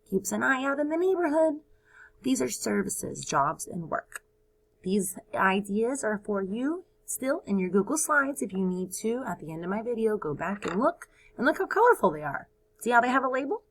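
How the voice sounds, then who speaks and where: A woman teaching first graders in a recorded video lesson, encouraging and sing-song, sounding out words slowly for the children. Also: high-pitched.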